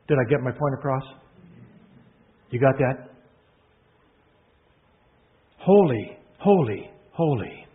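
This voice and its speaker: A man's voice: on the high side, slightly rough. Preaching man, tinny phone-like sound. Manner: emphatic, repeats phrases, swings from hushed to loud proclaiming. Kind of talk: sermon.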